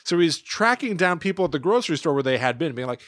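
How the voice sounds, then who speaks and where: Animated man retelling a cartoon. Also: on the high side, quick pace, no room sound, studio quality. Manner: animated retelling with lots of likes. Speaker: podcast co-host. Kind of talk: casual chat.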